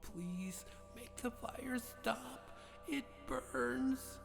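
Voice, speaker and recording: A ghostly child crying for help. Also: male voice, very high voice, drawn-out words, gravelly, very echoey, big-room sound, faint music behind, voice pushed up, heavily acted. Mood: whispering. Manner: pleading, screaming, then faint whispers. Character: ghost of a very young burning child.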